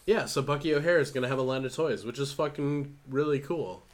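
A man's voice: mid-range voice, brisk. Guy in his 30s on a podcast, couple drinks in, swearing a lot, um-ing his way through. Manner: loose and profane, rambling with fillers. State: slightly tipsy. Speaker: podcast co-host. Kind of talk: casual chat.

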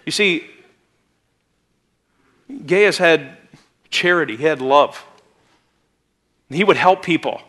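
A man's voice: a little high, slow, long pauses, fairly bright tone. A man preaching a sermon as a youth pastor in a church, telling stories in a conversational way with sudden emphatic rises. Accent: Midwestern American. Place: church sanctuary.

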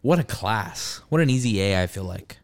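A man's voice: on the low side, expressive, normal speed. A young man hosting a podcast, chatting casually and teasing his co-hosts. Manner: joking, teasing, loose. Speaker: podcast host. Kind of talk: casual chat.

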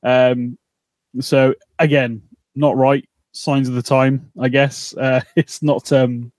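A man co-hosting a podcast, chatting casually and excitably, swearing and laughing as he goes. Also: mid-range voice, takes it slowly, no room sound. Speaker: podcast co-host. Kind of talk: casual recap chat.

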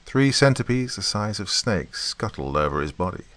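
A man's voice: fairly low pitch, very animated, normal speed, a bit bright, no echo. A man narrating a horror story in the first person, in a tense, dramatic way.

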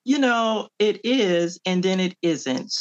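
A middle-aged woman from the Midwestern United States, an author answering interview questions in an animated storytelling way, laughing often. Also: medium pitch, slow. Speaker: author guest. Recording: dull lo-fi audio.

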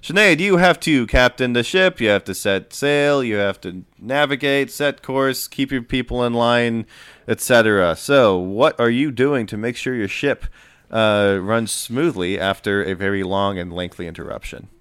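A man narrating as game master of a tabletop game, relaxed and full of fillers. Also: medium pitch, moderate pace, clean tone, dry recording, studio quality.

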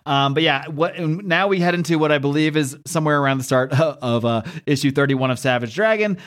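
A man with a slightly high voice runs a comic book podcast, talking casually and with real enthusiasm. He rambles and restarts his sentences and laughs often as he recaps. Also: brisk. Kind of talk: casual chat.

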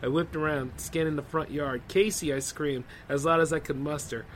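Male podcast host, a bit high-pitched, reads horror tales and riffs between them in a loose, laid-back way. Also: steady tone, normal speed, a bit bright, slight background noise, poor audio. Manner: loose, conversational asides full of 'like' and 'man'. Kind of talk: reading horror stories aloud with casual commentary.

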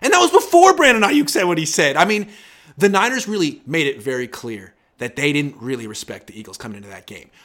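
Speaking fast with a fairly high pitch, a young man who writes about sports chats casually as a podcast guest. When he quotes players he acts them out animatedly, jumping loudly.

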